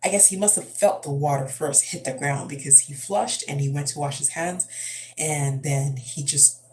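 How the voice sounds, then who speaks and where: Low-voiced mom telling a story. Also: female voice, moderate pace, darkish tone, poor audio. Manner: chatty, rambling, lots of fillers and asides. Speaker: mother. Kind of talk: casual storytelling vlog.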